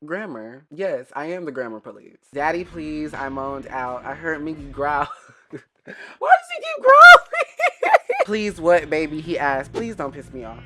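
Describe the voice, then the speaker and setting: Bright-voiced man doing a comedic fanfic read. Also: fairly high pitch. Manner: animated, exaggerated reactions, frequent laughter and sassy commentary. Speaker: video host reading fanfiction aloud. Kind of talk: comedic dramatic reading with joking asides.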